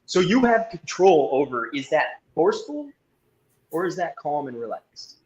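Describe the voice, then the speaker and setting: A man's voice: a little high, sing-song, normal speed, a little mellow, muffled recording. A man appearing as a guest, explaining and guiding a breathing exercise in an instructive, coaching way. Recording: roomy echo.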